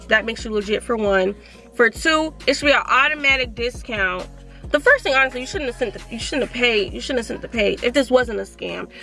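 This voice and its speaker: Young woman, sore throat, animated storytime, faint music behind. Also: high-pitched. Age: 20s. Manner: animated, reads messages aloud, talks fast. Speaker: vlogger. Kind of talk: casual storytime.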